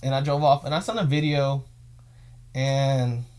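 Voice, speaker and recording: This podcast host is a young man with a mid-range, slightly mellow voice, steady in tone and measured in pace. In a casual storytelling vlog he recounts something emotional, wandering and repeating himself.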